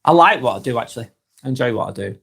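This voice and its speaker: A man in his forties with a Northwest English accent, getting over a cold, reading out viewers' comments and chatting back in a relaxed, friendly way. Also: medium pitch, very fast, creaky, slightly rough. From Northwest England. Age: 40s. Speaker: live stream host reading comments. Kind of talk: casual live chat.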